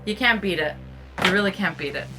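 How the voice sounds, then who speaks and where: A woman hosting a vlog, giving an excited, giggly tour of a small sailboat she is aboard. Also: mid-range voice, a little fast, over music. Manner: excited, giggly, with frequent laughs. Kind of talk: casual tour walkthrough.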